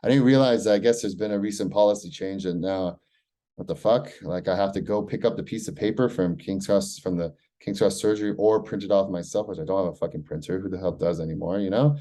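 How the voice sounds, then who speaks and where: A warm, low American male voice moves fast with a steady tone. He's vlogging a spoken personal log, cursing freely and constantly dropping "like" and "right?" as he rambles.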